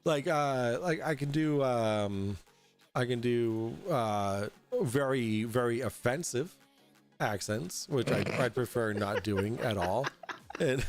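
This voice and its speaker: A man's voice: medium pitch, faint music behind. Tipsy man rambling as livestream host. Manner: rambling, halting, lots of fillers and swearing. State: tipsy from drinking. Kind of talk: casual livestream chat. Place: at home in an apartment.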